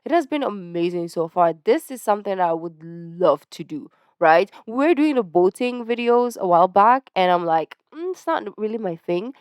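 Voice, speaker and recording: A woman chats casually to her audience while reacting to a video. She rambles, tosses in "like" and "right?", and stops now and then to find her words. Her voice is smooth and clear, recorded close in a dry room. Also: mid-range voice, moderate pace, hardly any pauses, no echo. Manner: chatty and rambling, full of "like" and "right?"; lively, searches for words mid-sentence. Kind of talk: casual chat to viewers.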